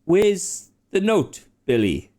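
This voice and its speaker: A man's voice: high voice, sing-song, takes it slowly, dark tone, pitched above the performer's own voice, exaggerated voice. A man voicing a pushy man who keeps pressing with questions. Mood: demanding. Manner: insistent, questioning.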